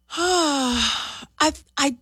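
A woman's voice: high-pitched, drawn-out words, sharp tone, no room sound, clean studio sound. A woman guest in a casual interview, talking candidly, laughing often and acting out quotes from others.

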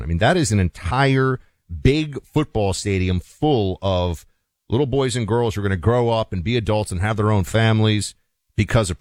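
A man with a low voice co-hosts a talk radio show, recorded dry and close on a studio microphone. He chats easily and reads sponsor copy at a steady, emphatic pace. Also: dry recording. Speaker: radio co-host. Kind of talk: talk radio chat and live ad read.

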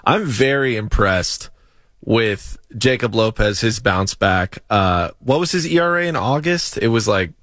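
A man's voice: on the low side, lively intonation, a little slow, a bit bright, dry recording. A man co-hosting a casual sports talk show, often restarting his sentences and teasing his co-hosts. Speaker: podcast co-host.

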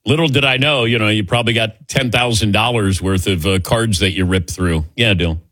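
A man's voice: fairly low pitch, fairly quick, a bit bright, no echo. A man in his sixties hosting a call-in sports radio show, chatty and laughing easily as he tells stories. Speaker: radio sports talk host.

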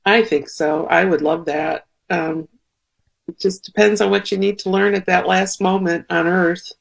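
A woman's voice: fairly low pitch, fairly even intonation, unhurried, vocal fry. A woman speaking as a guest on a call-in radio show, thoughtful and reassuring. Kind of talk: talk radio conversation.

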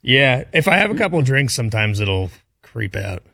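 A man's voice: mid-range voice, sing-song, normal speed, creaky, pushed and bright, breathy edge, dry recording, studio quality. A man on a radio show's crew chatting casually and wryly, chuckling as he talks. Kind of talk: casual studio banter.

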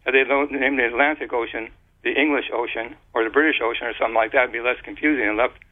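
A man's voice: mid-range voice, steady tone. A man explaining at length in a casual, rambling way, stopping and restarting words often, heard over a phone line. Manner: rambling, halting with many restarts and fillers.

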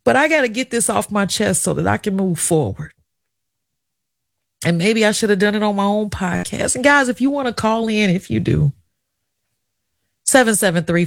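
A woman's voice: lowish voice, normal speed, no room sound. Middle-aged lady on talk radio, opening up, chatty and emotional, dry close mic. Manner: candid, emotional, confiding, chatty. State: tearful at times. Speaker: radio talk show host. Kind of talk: emotional personal radio monologue.

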